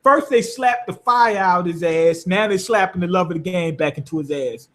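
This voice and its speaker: A man whose voice sits high recaps an anime episode at a normal speed. As an anime reviewer, he rambles, swears, and retells the plot in an animated way.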